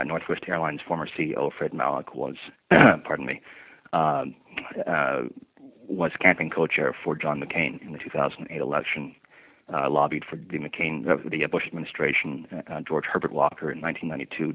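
A man's voice: rumbling low, creaky, breathy edge. A man giving a long personal account of an incident, in formal wordy phrasing with frequent ums and restarts. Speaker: passenger recounting an incident. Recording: tinny lo-fi phone-like recording.

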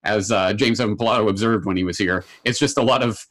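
Low-voiced man explaining economics calmly. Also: fast talker. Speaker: guest commentator. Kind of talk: casual chat. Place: Japan.

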